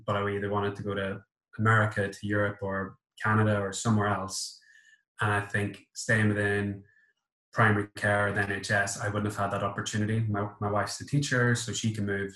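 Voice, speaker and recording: A man with a Northern Irish accent, a pharmacist talking in a relaxed, matter-of-fact way in a casual podcast chat. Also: lowish voice, reverberant, rough recording. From Northern Ireland. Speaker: pharmacist guest.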